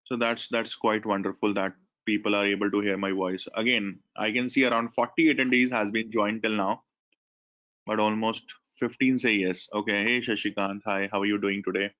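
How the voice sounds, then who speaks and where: A man's voice: lowish voice, steady tone, normal speed, sharp tone. A man with an Indian English accent who coordinates an online class, explaining the controls and thanking attendees by name. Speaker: webinar coordinator. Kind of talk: online class host instructions. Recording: dull lo-fi webinar audio.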